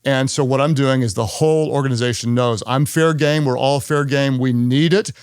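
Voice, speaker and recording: A man's voice: mid-range voice, fairly even intonation, moderate pace, clear, resonant tone, no echo, clean studio sound. A man who is a pastor, hosting a leadership podcast in an earnest way and repeating key phrases for emphasis.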